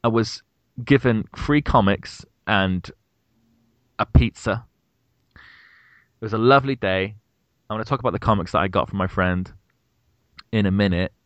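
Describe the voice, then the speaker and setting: This British man in his thirties co-hosts a podcast and tells a funny story at an unhurried pace, pausing often. He brings the quotes to life with big pitch jumps. The sound is lo-fi with no room sound.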